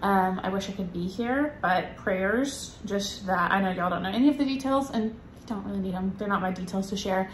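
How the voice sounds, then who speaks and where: A woman's voice: mid-range voice, brisk. Casual podcast co-host, female, rambly and chatty, roomy room sound. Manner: chatty, rambling with many ums. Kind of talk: casual chat. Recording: echoey room with faint noise.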